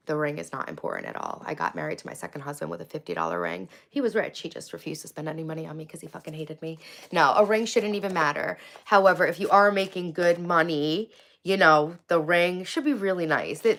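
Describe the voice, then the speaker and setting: Candid, swearing woman streamer, lowish voice. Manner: candid, rambling, swears freely; encouraging, affectionate toward viewers. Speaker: livestream host. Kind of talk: casual livestream chat answering viewers.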